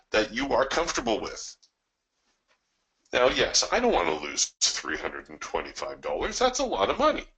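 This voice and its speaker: A man's voice: mid-range voice, pushed and bright, rough recording. A man coaching live trading, talking through his trades in a folksy way with chuckling asides.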